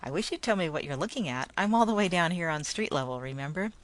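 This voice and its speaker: A woman's voice: lowish voice, lively intonation, fast talker, a little hiss or hum, natural voice. A woman reading a story, voicing a patient, kindly father explaining things to his son.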